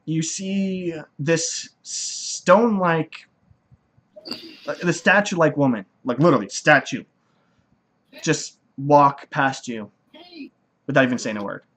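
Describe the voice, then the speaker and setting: A man narrating as game master, chatty and lively. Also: on the high side, takes it slowly, long pauses. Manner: lively, chatty, laughing at himself.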